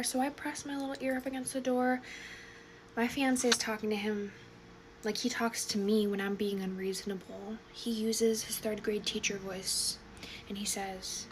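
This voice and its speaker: Young woman, storytime vlog, sassy and animated, mid-range voice, swears casually. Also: medium pitch, moderate pace, background noise.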